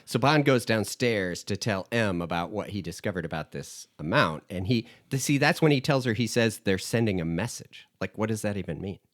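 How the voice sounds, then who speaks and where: Low-voiced laid-back male podcaster. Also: lively intonation, brisk, hardly any pauses, dry recording. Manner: laid-back, dry humor, retells scenes. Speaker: podcast co-host. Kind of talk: casual film discussion.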